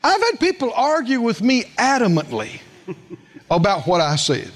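A middle-aged preacher with a drawl delivers a sermon in a very high voice. His pitch swings widely as he tells stories and puts questions to the congregation. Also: moderate pace. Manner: animated storytelling preacher, asks the congregation questions. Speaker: pastor.

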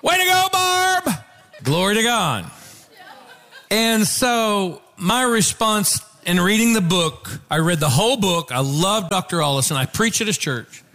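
A man preaching a sermon to a congregation, animated and storytelling, joking with the crowd. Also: high voice, measured pace. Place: church before a congregation.

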